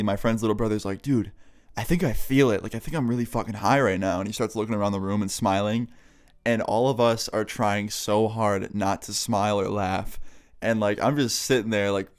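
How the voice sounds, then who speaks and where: A man's voice: on the low side, smooth. A young man vlogger telling a funny story in a casual, laughing, swear-filled way.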